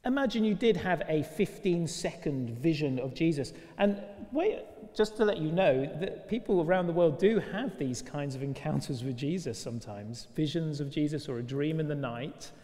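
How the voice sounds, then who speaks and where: A man's voice: a little high, animated, normal speed, few pauses, mellow. Male preacher, raised voice, conversational sermon with rhetorical questions; long church reverb.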